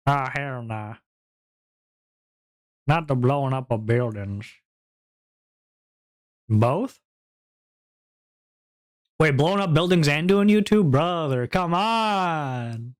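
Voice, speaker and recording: Slow, goofy VTuber streamer chatting. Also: medium pitch, lively intonation. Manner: playful, goofy, jokey banter; reads chat messages aloud and answers them. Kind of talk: casual live-stream chat with viewers.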